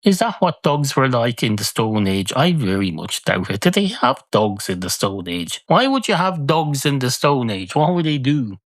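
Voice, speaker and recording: A man's voice: mid-range voice, very animated, moderate pace, few pauses, no room sound. A man hosting a comedy podcast alone, rambling through silly musings and correcting himself mid-thought. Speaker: podcast host. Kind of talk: comedic solo monologue.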